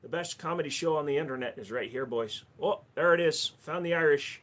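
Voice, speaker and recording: Brief: male livestream host with a slightly high voice, crude and jokey, reading chat aloud. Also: a little fast, a bit bright. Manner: crude, joking, reads out chat messages.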